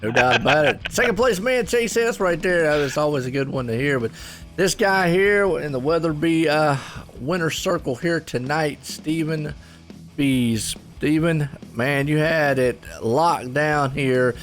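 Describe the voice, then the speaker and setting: A man's voice: fairly high pitch, unhurried, fairly bright tone, soft background music. A man co-hosting a racing broadcast, introducing drivers and interviewing the winner in an easygoing way, full of folksy catchphrases. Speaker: race broadcast co-host. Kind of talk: race commentary and interview.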